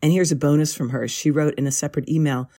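A woman's voice: sits low, fairly even intonation, quick pace, dark tone. A woman hosting a gardening podcast, introducing guests with a friendly, lightly humorous manner. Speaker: podcast host.

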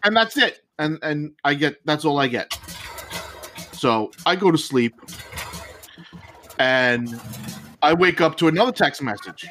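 A middle-aged man spins a story on a podcast, swearing freely and acting out each text message. His voice sits a little high for a man. The delivery is animated and profane. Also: measured pace, pauses often, background noise. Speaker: podcast co-host.

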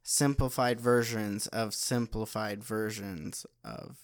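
A man co-hosting a podcast, talking in casual banter with a deadpan, teasing and crude manner. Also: lowish voice, slow, crowd noise. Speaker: podcast co-host.

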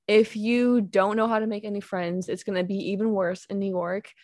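A woman's voice: mid-range voice, level tone, moderate pace, a little mellow, no echo. Chatty young woman co-hosting, dry close sound. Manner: chatty, giggly, heavy use of "like". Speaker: podcast co-host. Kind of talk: casual chat.

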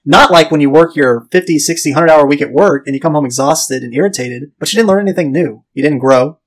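A man's voice: fairly high pitch, a little fast, poor audio. A man hosting a podcast, signing off in a florid, theatrical, playful way. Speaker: podcast host.

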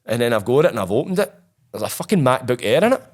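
A man's voice: medium pitch, very animated, racing. A young Scottish man, a podcast guest, animatedly retelling his story with plenty of swearing. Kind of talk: casual storytelling.

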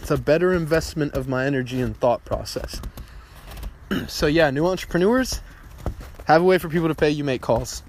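A man hosting a solo podcast, talking bluntly and with profanity, repeating his points and often clearing his throat. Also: on the high side, moderate pace, long pauses, slight background noise. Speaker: podcast host.

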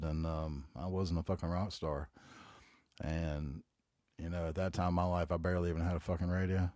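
Deep-voiced profane Southern man rambling. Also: level tone, fairly quick, dark tone, no echo, clean studio sound. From North Carolina. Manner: rambling, profane, laid-back storytelling. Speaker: podcast host. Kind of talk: casual solo podcast monologue.

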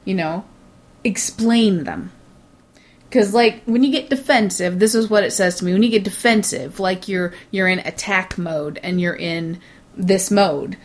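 A woman's voice: mid-range voice, measured pace. A woman co-hosting a casual chat, talking in an opinionated way and mimicking others in quoted voices. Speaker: co-host.

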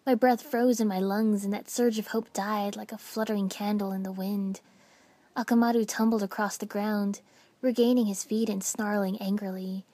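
A woman narrating a first-person story with dramatic expression, dropping to hushed whispers at tense moments. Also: medium pitch, steady tone, moderate pace. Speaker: audiobook narrator.

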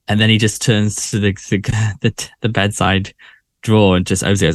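A man's voice: on the low side, flat delivery, fairly quick, no echo, studio quality. A man co-hosting a podcast, chatting casually and often restarting his sentences. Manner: hesitant, many restarts. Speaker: podcast co-host. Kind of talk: casual chat.

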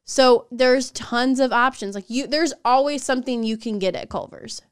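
A young woman tells lively stories about her partner in a relaxed podcast chat, often acting out his lines. Her voice is smooth and clear and sits a little high. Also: normal speed, no room sound, clean studio sound. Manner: animated storyteller, quoting her partner, laughing often. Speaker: podcast co-host. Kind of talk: casual chat.

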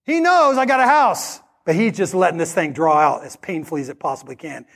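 A man preaching a sermon as pastor, telling stories and acting out the dialogue with animated delivery. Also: fairly high pitch, brisk, vocal fry.

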